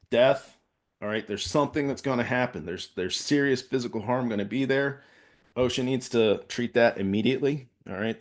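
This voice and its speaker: A man working as a safety consultant gives a workplace safety training talk in a conversational way, often checking in with his listeners. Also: mid-range voice. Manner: conversational, peppers points with "all right?" check-ins.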